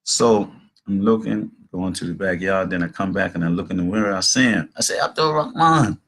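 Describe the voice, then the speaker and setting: Husky-voiced man around sixty, deep. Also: steady tone, fairly quick. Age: about 60. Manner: loose storytelling with many "man" and "you know" fillers, earnest. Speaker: host of a talk show. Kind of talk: casual spoken monologue.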